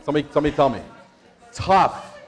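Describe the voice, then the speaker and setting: Lively man leading a workshop. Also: medium pitch, moderate pace, some chatter behind. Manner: energetic, quizzes the audience, laughs often. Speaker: workshop presenter. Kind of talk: interactive stress-management workshop.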